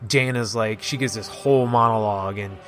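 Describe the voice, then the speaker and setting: A man casually recapping a video game story, excited and rambling, with lots of "like" and restarts. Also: on the low side, fairly quick. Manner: excited, rambling, heavy use of "like". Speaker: gaming video host.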